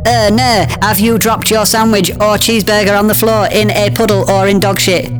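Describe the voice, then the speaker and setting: A man's voice: high voice, fairly even intonation, normal speed, close to an everyday voice. A man voicing a crude, boastful salesman in a spoof radio advert, rambling and rude, with music behind. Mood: crude pitching.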